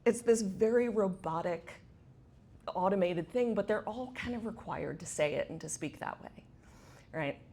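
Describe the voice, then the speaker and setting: A woman's voice: medium pitch, a little slow, a little mellow. A middle-aged woman giving a conference talk, chatty, asking the audience questions. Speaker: conference speaker. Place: event space with audience.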